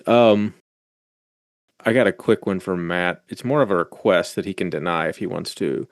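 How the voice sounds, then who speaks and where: A man's voice: deep voice, normal speed, no room sound, clean studio sound. A man hosting a podcast, chatting casually with profane, joking asides and reading out sponsor plugs. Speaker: podcast host. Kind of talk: casual chat.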